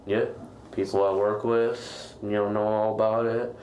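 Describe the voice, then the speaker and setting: A man chatting as a podcast guest, talking in a rambling, halting way with frequent restarts. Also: fairly low pitch, little pitch movement, darkish tone, roomy sound, slight background noise. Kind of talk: casual chat.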